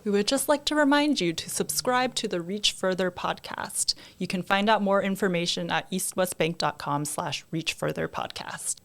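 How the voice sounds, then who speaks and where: A woman's voice: medium pitch, moderate pace, few pauses. A woman co-hosting a podcast, upbeat, introducing the guest and reading promotions. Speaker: podcast co-host.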